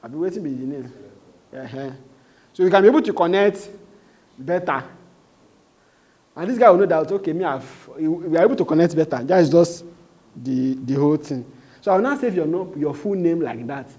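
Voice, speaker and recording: A man's voice: fairly high pitch, animated, moderate pace, long pauses, darkish tone. A man with a Nigerian accent giving a live training talk, quizzing the room and repeating his points. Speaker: sales trainer.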